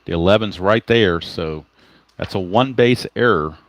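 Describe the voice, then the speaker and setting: A man with a fairly low voice hosts a tabletop baseball simulation, reading dice results and player cards aloud in a relaxed play-by-play. He explains each roll as he goes and breaks off now and then to greet viewers and correct himself. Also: unhurried, no room sound. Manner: greets live chat viewers mid-game; talks to himself, corrects his own slips. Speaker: tabletop baseball game host.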